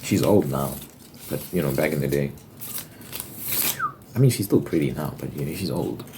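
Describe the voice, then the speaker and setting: A young man with an extremely deep, low voice rambles loosely in a casual ASMR chat, dropping the occasional swear word. Clear noise sits under the recording, with tapping and shuffled cards behind him. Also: moderate pace. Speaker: ASMR creator. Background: tapping and card shuffling noise.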